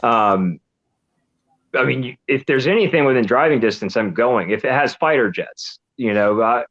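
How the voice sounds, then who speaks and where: A man's voice: mid-range voice, expressive, normal speed, fairly bright tone, lo-fi sound. A man guesting on a podcast over a video call, easygoing and laughing at himself. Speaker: guest YouTuber. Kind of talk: casual chat.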